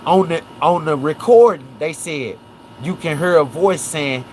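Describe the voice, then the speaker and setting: This livestream host from Memphis talks a little slowly in a voice on the high side, and a little hiss or hum can be heard. He's animated as he breaks down a case casually, checking in again and again with "right?" and "watch this."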